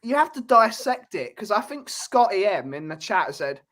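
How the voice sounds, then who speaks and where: A man's voice: high-pitched, very animated, normal speed, fairly bright tone. A man co-hosting a casual fan chat, swearing freely and mocking others. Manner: crude, mocking, puts on silly voices.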